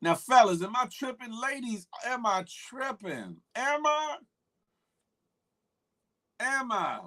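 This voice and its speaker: A man with an extremely high, sing-song, fairly bright voice speaks slowly while hosting a morning live stream. It's loose, slangy chatter, with viewers greeted by name and plenty of riffing on internet gossip.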